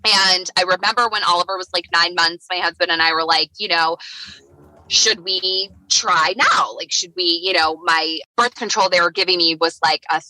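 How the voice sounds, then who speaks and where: A woman's voice: lowish voice, fairly even intonation, fairly quick, few pauses, sharp tone, no room sound, poor audio. A woman in her thirties from Chicago, a podcast guest telling a personal story in a chatty way, often saying "like". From Chicago, USA. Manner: chatty, heavy use of "like".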